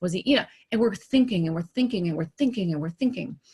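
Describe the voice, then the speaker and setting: A woman coach speaking straight to the camera in a motivational talk, her voice slightly husky and breathy. She talks in an animated, conversational way, throwing rhetorical questions at the listener and briefly acting out quoted remarks in livelier voices. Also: mid-range voice, fast. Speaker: executive coach.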